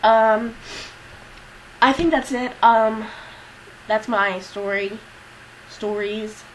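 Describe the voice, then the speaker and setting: A woman's voice: on the high side, steady tone, drawn-out words, poor audio. Rambling young woman vlogging, faint hiss. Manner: rambling, profane, self-deprecating with many fillers. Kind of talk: casual confessional vlog.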